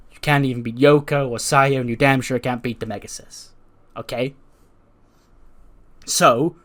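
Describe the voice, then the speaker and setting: A man's voice: mid-range voice, natural voice. A man voicing a condescending female wrestler who leads a faction and taunts her rival. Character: scheming female wrestler, faction leader, scornful.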